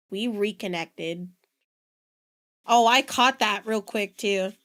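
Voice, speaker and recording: A woman streamer chatting casually with viewers, excitable and theatrical, swearing freely. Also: medium pitch, takes it slowly, pauses often. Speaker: streamer reacting to videos. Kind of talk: casual live-stream chat.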